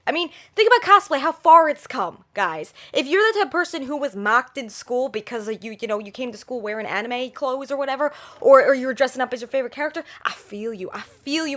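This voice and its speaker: Animated high-voiced New woman. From New Jersey, USA. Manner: animated, talks with her hands, jokey. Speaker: channel host. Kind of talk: casual advice vlog.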